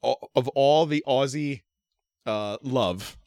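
A man's voice: mid-range voice, takes it slowly, a little mellow, dry recording, studio quality. A man co-hosting a casual podcast, joking around and laughing often. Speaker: podcast co-host.

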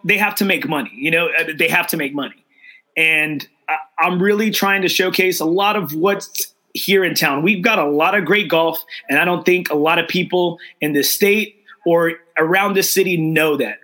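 A middle-aged male host with a high, bright, forceful voice. He talks with open emotion and enthusiasm, circling back and repeating his points as he goes. His delivery is casual and heartfelt. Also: moderate pace. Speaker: golf show host. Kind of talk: casual chat, live show sign-off.

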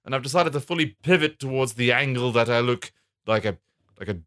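A man's voice: mid-range voice, fairly quick, pitched above the performer's own voice, natural voice. A man doing a gloating comic-book villain. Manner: loud, gloating, sneering threats. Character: smug, boastful male comic-book villain.

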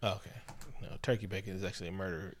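A man's voice: low-pitched, fairly even intonation, very fast. A man co-hosting a casual movie review chat, swearing and laughing often as he riffs on the plot. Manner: profane, jokey, laughs often. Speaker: podcast co-host.

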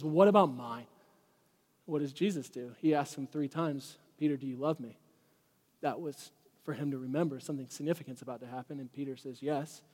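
High-voiced preaching man in a reverberant hall. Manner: animated, conversational preaching with asides. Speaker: pastor. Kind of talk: sermon. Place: church sanctuary.

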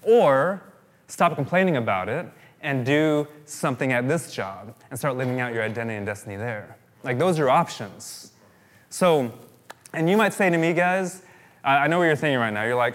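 A man's voice: medium pitch, lively intonation, moderate pace, fairly bright tone. A male pastor giving a sermon in a conversational way, repeating phrases for emphasis.

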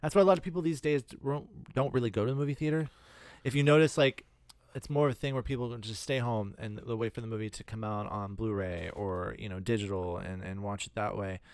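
A man's voice: lowish voice, fairly even intonation, quick pace, a little mellow, smooth, no echo. A man co-hosting a casual movie podcast, laid-back and profane, steering the talk back on topic. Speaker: podcast co-host.

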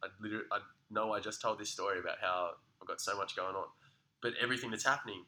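A man, co-hosting a podcast with energetic, motivational banter that is full of swearing. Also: fairly low pitch, fast, poor audio. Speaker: podcast co-host. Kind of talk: casual chat.

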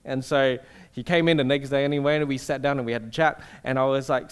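A man's voice: mid-range voice, fairly even intonation, fast, clean tone. A man, preaching a casual sermon that tells stories and asks the audience questions. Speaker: pastor. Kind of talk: conversational sermon.

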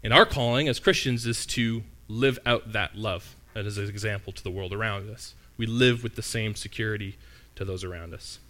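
A man's voice: on the low side, moderate pace, bright, forceful tone. A man preaching a sermon in a conversational, storytelling way, often asking the listeners questions.

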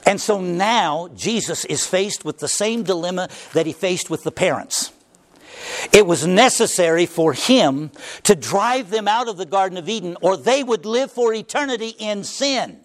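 A man with a high voice preaching a sermon. He works through the passage verse by verse, then builds to impassioned, shouted cries, his pitch leaping upward at the peaks. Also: expressive, normal speed. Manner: preaching with dramatic swings in pitch, crying out at climaxes. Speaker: pastor.

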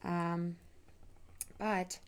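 A woman's voice: on the low side, little pitch movement, drawn-out words, clean tone. A woman hosting her own podcast, talking earnestly and emphatically, drawing out her phrases, sighing now and then, and swearing casually. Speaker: podcast host. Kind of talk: personal podcast monologue.

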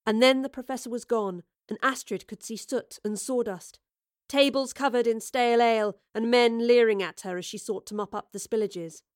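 A woman reads a story aloud in measured, vivid narration. Her voice sits fairly high, and the recording is close and dry with no room sound. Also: no room sound. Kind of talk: scripted audiobook narration.

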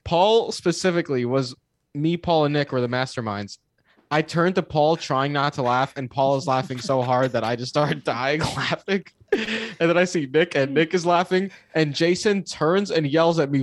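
A young man co-hosting a podcast, telling a story in a casual, animated way, laughing and swearing as he goes. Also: fairly high pitch, moderate pace, no room sound. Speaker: podcast co-host.

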